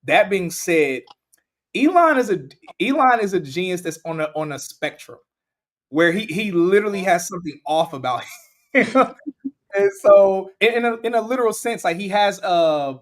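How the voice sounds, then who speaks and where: A man, hosting a casual podcast chat, animated and laughing as he acts out quotes. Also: high voice, normal speed. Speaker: podcast host.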